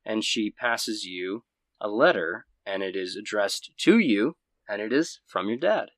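A man's voice: on the low side, expressive, a little slow, a bit bright, no room sound, poor audio. A man narrating as game master in a casual, rambling way with many fillers.

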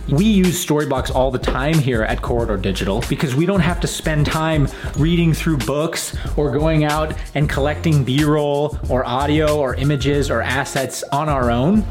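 A man bantering playfully with friends during a podcast guessing game. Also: a little high. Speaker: podcast host. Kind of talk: casual group game chat.

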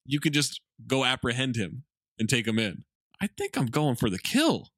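A podcast host in casual chat, recapping a movie scene by scene. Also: male voice, medium pitch, very animated, normal speed, a bit bright, breathy edge, no room sound, clean studio sound. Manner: recounts scenes in a running play-by-play.

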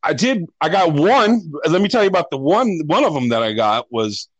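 A man's voice: fairly high pitch, big pitch swings, moderate pace, dry recording, low-quality recording. A man co-hosting a podcast, telling a long rambling story with lots of swearing and restarts. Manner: rambling, profane, restarts often. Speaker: podcast co-host. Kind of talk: casual storytelling chat.

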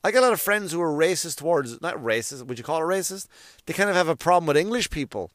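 A man's voice: a little high, lively intonation, fast talker, fairly bright tone, no echo, clean studio sound. A male stand-up comedian talking in a casual, rambling monologue, swearing often and restarting his sentences. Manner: profane, rambling, with frequent restarts.

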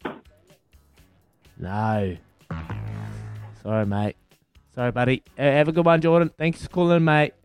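A man's voice: mid-range voice, animated, a little slow, pauses often, smooth, faint music behind. A man hosting a casual radio phone quiz, upbeat and calling everyone mate and brother. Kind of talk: casual breakfast radio chat.

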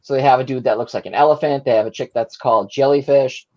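A man co-hosting a casual podcast, a little tipsy, talking over a video call. He rambles eagerly through plot summaries at a middling pitch. The sound is dull and lo-fi. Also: fast. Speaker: podcast co-host.

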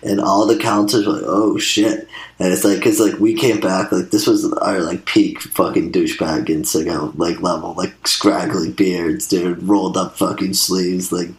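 A man's voice: deep voice, flat delivery, normal speed, echoey room, rough recording. A young man chatting casually about his days as a camp counselor, laid-back and swearing, with dude in every other line. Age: young adult. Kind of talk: casual chat.

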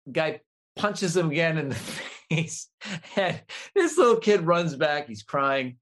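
A man guest telling a long joke in a casual, animated way, laughing often. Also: a little high, unhurried.

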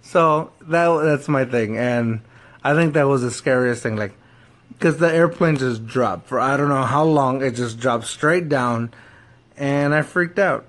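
A man in a casual chat, telling a story in an excitable way, with frequent restarts and laughs. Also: mid-range voice, a little slow. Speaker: podcast co-host.

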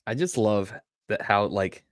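A man hosting a podcast, chatting in a relaxed and enthusiastic way with loose filler words. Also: fairly low pitch, measured pace, no echo, studio quality. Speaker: podcast host. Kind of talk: casual podcast chat.

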